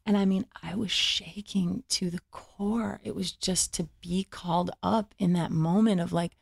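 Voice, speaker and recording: A woman guest comedian telling a story in casual conversation, lively, acting out other people's quoted lines amid fillers and false starts. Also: fairly low pitch, gravelly, breathy edge, no echo, clean studio sound. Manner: lively, acts out what others said in quick quoted voices.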